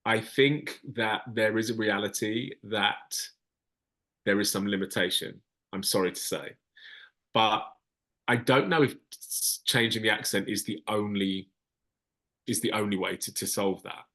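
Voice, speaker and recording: Low-voiced man giving frank advice. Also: unhurried, sharp tone. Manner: frank, hesitant, with many restarts. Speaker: casting director. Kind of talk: Q&A advice session.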